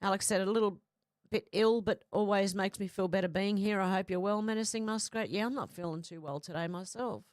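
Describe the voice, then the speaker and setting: A woman hosts a livestream in a blunt, chatty, profane manner, reading out viewer comments. Her voice is mid-pitched for a woman. The sound is dry and close. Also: a little fast, darkish tone, no echo. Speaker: host.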